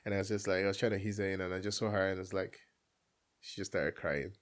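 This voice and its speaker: A man's voice: low voice, fast. Young Nigerian man telling a story. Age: young adult. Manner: animated storyteller, acts out family dialogue with laughs. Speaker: guest. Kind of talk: casual storytelling chat.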